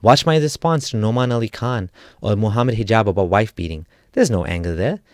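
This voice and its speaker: A man's voice: lowish voice, expressive, a little fast, no echo, studio quality. A man delivering a sarcastic, point-by-point rebuttal in a scripted video monologue. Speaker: ex-Muslim YouTuber. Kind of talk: argumentative response monologue.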